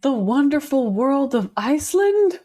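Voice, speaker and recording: A woman co-hosting a podcast in casual chat, excitable and quick to laugh. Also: high voice. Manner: excitable, gasps and laughs often. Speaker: podcast co-host.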